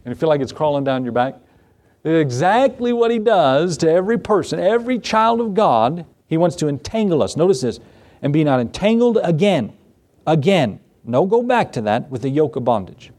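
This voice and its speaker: A man's voice: a little high, animated, moderate pace, a little mellow. A male pastor preaching a sermon in a conversational way, with rhetorical questions and repeated phrases.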